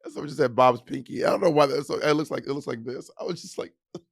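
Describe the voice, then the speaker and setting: A man co-hosting a casual chat, animated, profane and giggly. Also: on the high side, rapid-fire, vocal fry, husky, no room sound, studio quality. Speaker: co-host. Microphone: desk mic at a computer, streaming live.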